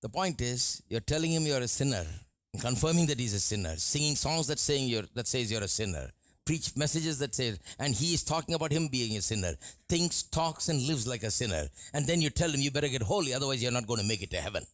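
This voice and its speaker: A male preacher giving a sermon, animated and often laughing as he acts out what people say. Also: medium pitch, a little fast, no echo. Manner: animated, laughing, mimics voices in quotes.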